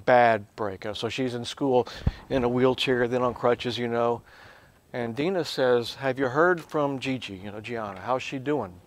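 A man who is a professor, teaching a Bible lesson in a lively way, swinging from quiet asides to loud, emphatic bursts. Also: medium pitch, a little slow.

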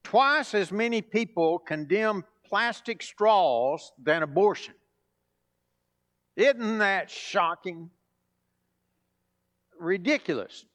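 High-voiced man preaching a sermon. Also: animated, slow, pauses often, a bit bright. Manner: preaching, quoting scripture with rising emphasis.

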